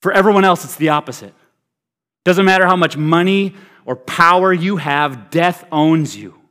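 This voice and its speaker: A male pastor with a high voice delivers a sermon at a normal pace in a large, reverberant auditorium. He's energetic and funny, swinging from loud, big hype down to an almost hushed, quiet delivery.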